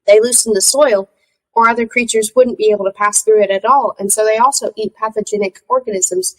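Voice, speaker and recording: A woman's voice: on the high side, brisk, fairly bright tone, rough recording. A woman voicing a small, emotional tree creature who frets and sobs easily, reading aloud from a book. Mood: fretful. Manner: fretful, prone to sighing and sobbing. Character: fussy little tree creature, emotional, fretful. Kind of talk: audiobook character reading.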